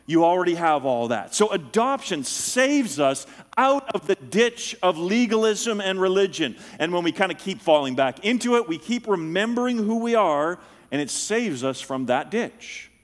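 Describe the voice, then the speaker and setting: Lively man preaching in a reverberant hall. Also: high-pitched, moderate pace. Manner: animated teaching, asks listeners if they follow. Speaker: pastor. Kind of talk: sermon.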